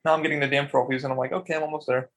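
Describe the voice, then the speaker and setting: A young man co-hosting a casual podcast about video games, animated and swearing freely as he acts out quotes. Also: on the high side, very fast, low-quality recording. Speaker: podcast co-host.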